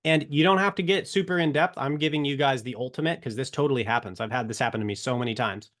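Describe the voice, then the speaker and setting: A man's voice: medium pitch, fast, fairly bright tone. A man teaching an online course in a casual, earnest way, acting out short sample dialogues as he explains.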